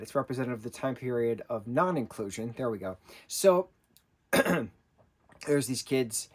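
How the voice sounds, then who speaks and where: A man in his thirties giving a casual, rambling spoken review, with frequent restarts and fillers. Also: medium pitch. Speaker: vlogger reviewing a TV special.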